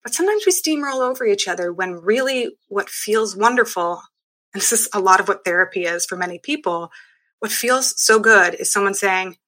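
A woman speaks as an interview guest with a bright, lively tone. She explains her ideas eagerly and often acts out the things people say. Her pitch sits in a middle range for a woman. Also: moderate pace. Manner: enthusiastic, explanatory, acts out quoted speech. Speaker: guest, women's group leader. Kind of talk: casual conversation.

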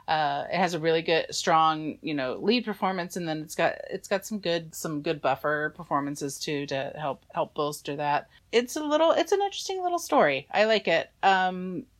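A woman co-hosting a casual movie podcast, giving her opinion in a relaxed, thinking-aloud way. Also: sits low, moderate pace, hardly any pauses. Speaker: podcast co-host. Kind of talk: casual movie review chat.

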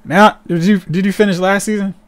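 A man co-hosting a casual podcast, talking in an animated, sarcastic way and slipping into mocking voices. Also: high-pitched, a little fast. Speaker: podcast co-host. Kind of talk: casual chat.

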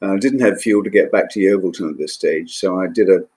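An older man, a former naval pilot, recalling his flying days in an interview, measured and hesitant with frequent ums. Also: sits low, a little mellow. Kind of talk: interview recollection.

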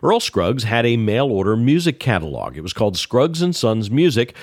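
A man telling an anecdote in a lively, casual way, acting out the dialogue as he goes. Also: mid-range voice, normal speed, dry recording, clean studio sound. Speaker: banjo player sharing a memory. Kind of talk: storytelling.

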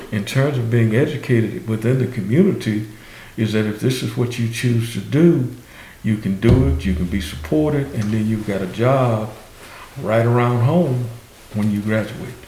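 A man speaking on a panel as a healthcare education representative, giving advice in a measured way. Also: mid-range voice, warm tone, echoey room, poor audio. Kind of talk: panel discussion answer.

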